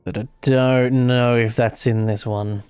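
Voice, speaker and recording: A man talks his way through a live game stream in a loose, rambling way, cutting himself off and circling back. His voice is mid-pitched and recorded dry and close. Faint music plays behind him. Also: little pitch movement, a little slow, darkish tone, smooth, no room sound. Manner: rambling, chatty, self-interrupting. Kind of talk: casual live gameplay chat.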